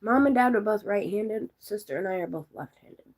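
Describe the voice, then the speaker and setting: A woman's voice: mid-range voice, lively intonation, moderate pace, a little mellow. A giggly, silly woman chatting casually with her viewers, rambling and laughing often. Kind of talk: casual live chat.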